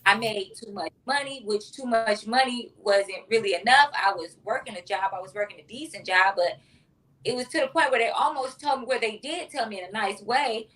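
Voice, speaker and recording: A woman's voice: a little high, moderate pace, a bit bright, far from the mic, rough recording. A woman, a mother, speaking heartfelt and emotional as an interview guest. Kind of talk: interview chat.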